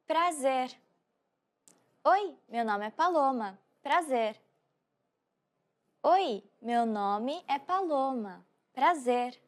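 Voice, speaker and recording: A woman hosting a scripted language lesson. She sounds upbeat and slows down to repeat phrases for the learner. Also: high-pitched.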